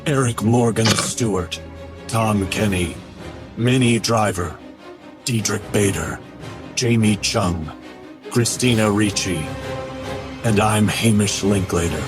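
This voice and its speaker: An actor voicing Batman, a grim masked adult hero, speaking low and slow over music in an animated series trailer. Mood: grave. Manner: low, slow, deliberately deepened delivery.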